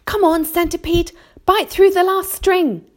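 A woman voicing a young boy who calmly leads and gives firm orders in a storybook reading. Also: sits high, normal speed, pitched above the performer's own voice. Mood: commanding. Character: young boy, calm leader giving orders.

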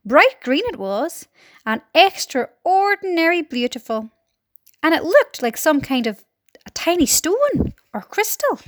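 Brief: woman doing a cocky, rascally storybook centipede, high and bouncy, crowing. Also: sing-song, unhurried, no echo, studio quality, exaggerated voice. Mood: gleeful. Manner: loud, gleeful and boastful. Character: boastful cheeky male centipede.

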